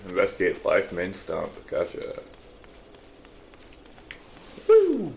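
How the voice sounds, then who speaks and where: A man's voice: low-pitched, unhurried, slight background noise. A man streaming a game with a friend, joking around and playing the host. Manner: joking, sings and clowns around. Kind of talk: casual gaming chat.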